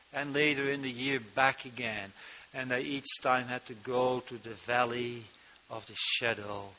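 Man, pastor, sermon, slow emphatic delivery, bright tense voice, dull lo-fi recording. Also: mid-range voice, slight background noise. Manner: slow, emphatic preaching that swells loud on key words. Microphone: microphone. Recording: dull lo-fi sound.

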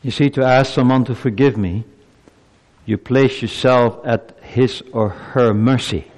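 A man preaching a sermon to his congregation. He builds to emphatic peaks, then drops low and slow. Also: steady tone, a little mellow, in a large hall. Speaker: pastor.

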